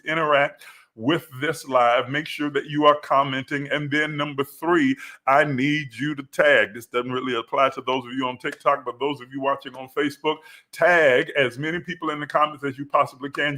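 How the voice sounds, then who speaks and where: Male spiritual teacher with a bright, ringing voice, hosting a live stream and driving points home by repetition. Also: mid-range voice.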